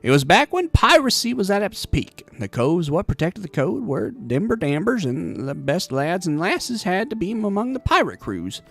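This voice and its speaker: A man's voice: high-pitched, very animated, normal speed, creaky, few pauses, a bit bright, faint music behind, pitched above the performer's own voice, full character voice. A man voicing a wry, seasoned male rogue guild leader who tells old stories in a video game playthrough.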